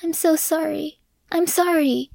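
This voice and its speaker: A frightened young creature-girl speaks in a soft, trembling, apologetic near-whisper, as a woman reading the story puts her on. Her voice sits high and sounds small. It is dry and close, with no room around it. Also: level tone, takes it slowly, vocal fry, dry recording, exaggerated voice. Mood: remorseful.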